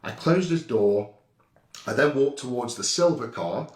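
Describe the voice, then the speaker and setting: A man's voice: medium pitch, expressive, unhurried, a little mellow, recorded from a distance. Blunt, indignant man in a roomy echo. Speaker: vlogger recounting an incident. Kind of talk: casual first-person account over CCTV footage. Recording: roomy echo, a bit off-mic.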